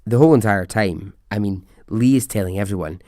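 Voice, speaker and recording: A man with a lowish voice tells a story for his podcast in a chatty, wry way, often laughing at his own asides. The sound is dry and close, with no room around it. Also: fairly quick, mellow, no echo. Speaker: podcast host. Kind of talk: casual storytelling.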